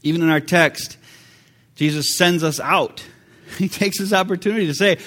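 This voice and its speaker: Conversational male preacher, slightly high voice. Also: moderate pace, fairly bright tone. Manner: conversational preaching with emphatic swells and fillers. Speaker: pastor. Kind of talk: sermon.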